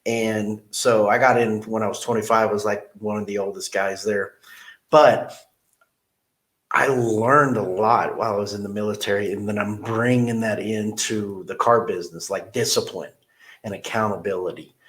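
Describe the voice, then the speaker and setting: A man's voice: lowish voice, normal speed. A middle-aged man, a car dealership manager, telling a story in an interview and acting out the quotes in it. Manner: animated storyteller who acts out quotes.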